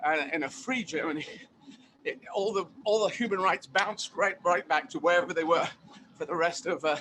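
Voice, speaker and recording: A man being interviewed as a guest comedian, talking in an animated, emphatic way and repeating phrases for effect. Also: on the high side, moderate pace, slight background noise. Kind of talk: casual interview chat.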